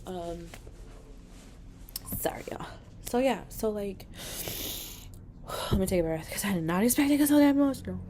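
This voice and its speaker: A woman self-filming a heartfelt motivational talk, speaking earnestly and often dropping to a hushed near-whisper. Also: mid-range voice, animated, normal speed, long pauses, noisy background. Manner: earnest, heartfelt, swears, calls viewers y'all and baby. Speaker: motivational vlogger. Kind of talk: casual motivational talk to camera. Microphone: self-filmed with a selfie light.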